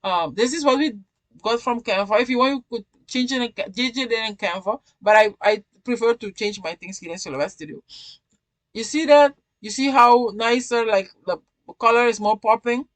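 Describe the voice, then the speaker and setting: A woman's voice: on the high side, moderate pace, dry recording. Chatty woman walking through a tutorial. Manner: chatty, repeats herself, keeps checking in with the viewer. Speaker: craft tutorial host. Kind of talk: casual screen-recorded software tutorial.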